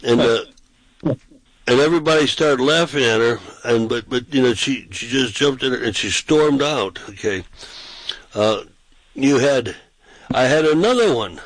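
A man's voice: mid-range voice, lively intonation, a little slow, pauses often, dry recording, poor audio. A man who is a pastor and street preacher, telling anecdotes casually and acting out the quotes in a raised voice. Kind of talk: casual storytelling on a talk show.

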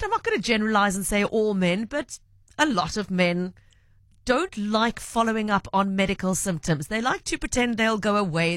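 A woman's voice: mid-range voice, a bit bright, no room sound. Articulate radio host woman. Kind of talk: radio talk show interview.

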